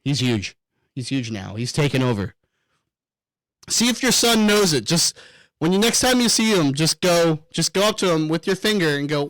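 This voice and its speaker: A man hosting a podcast in casual chat, excitable, laughing often and swearing a lot. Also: sits high, unhurried, dry recording, low-quality recording. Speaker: podcast host.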